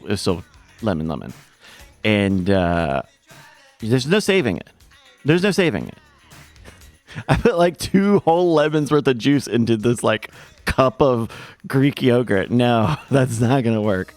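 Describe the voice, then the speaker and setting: A man hosting a livestream, calling marble races and drifting into rambling, self-mocking stories full of restarts. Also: medium pitch. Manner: playful, self-mocking storyteller. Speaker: marble race commentator and stream host. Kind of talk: casual livestream race commentary with rambling asides. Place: home streaming setup with a ring light.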